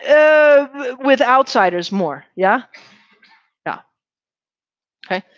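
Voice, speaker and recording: A woman's voice: high voice, extremely slow, dry recording. A woman lecturing a university class, often checking in with "right?" and asking the students questions. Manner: lively, poses questions to the class. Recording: dull, dry classroom recording.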